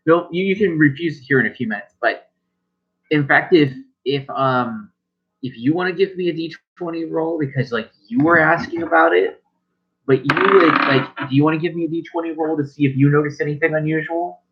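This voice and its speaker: A man's voice: a little high, fairly quick, breathy edge. A man narrating as game master in a casual, rambling way. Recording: dull lo-fi recording.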